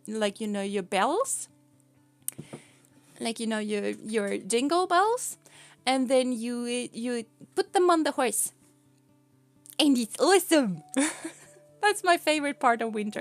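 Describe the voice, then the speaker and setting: Chatty giggly young woman streamer. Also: a little high. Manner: rambling, giggly, chatty with viewers. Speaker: VTuber streamer. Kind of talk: casual game stream chat.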